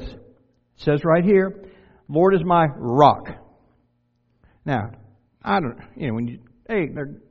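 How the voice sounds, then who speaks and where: A man's voice: a little high, highs cut off. Conversational male preacher in a reverberant hall. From Delaware, USA. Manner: conversational, asks the congregation questions, self-deprecating humor. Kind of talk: sermon.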